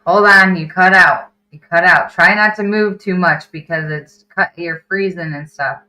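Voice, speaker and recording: A host with a bright, forceful voice, talking over a video call. They speak in a relaxed, patient way, checking that the guest can be heard and nudging the talk along. The sound has the thin feel of a call line. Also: mid-range voice, normal speed, rough recording. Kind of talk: casual interview chat.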